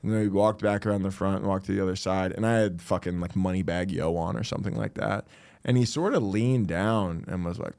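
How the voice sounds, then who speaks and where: A man's voice: medium pitch, normal speed. A young man co-hosting a podcast, telling rambling stories in a casual chat with lots of swearing. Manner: swearing, animated storytelling. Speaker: podcast co-host.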